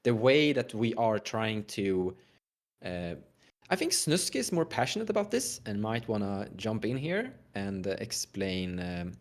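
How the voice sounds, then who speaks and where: A man's voice: on the low side, sing-song, unhurried. A man with a Swedish accent in a casual podcast chat, steering the topic and cutting in to explain. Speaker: podcast guest, Commander player.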